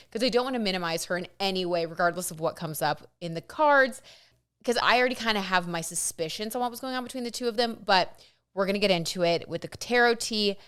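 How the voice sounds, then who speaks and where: Chatty excitable woman gossiping to camera. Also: mid-range voice. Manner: excitable, chatty, full of "like" and asides. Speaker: tarot reader and vlogger. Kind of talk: casual gossip chat to camera.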